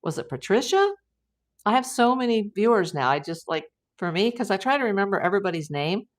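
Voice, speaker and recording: A woman's voice: medium pitch, lively intonation, a little fast. A middle-aged American woman hosting a casual livestream, rambling through viewer comments with lots of fillers and restarts. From United States. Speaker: private investigator livestream host.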